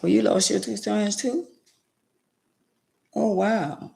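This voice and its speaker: Middle-aged woman, livestream host, gravelly voice, heartfelt and preachy, addresses chat by name. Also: medium pitch, takes it slowly, dark tone.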